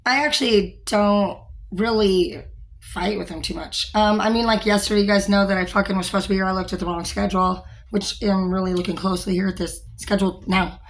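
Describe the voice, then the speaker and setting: A woman's voice: mid-range voice, fairly even intonation, a little fast. Rambling young woman in casual chat. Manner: rambling, frank, with frequent fillers and mild swearing. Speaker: store manager.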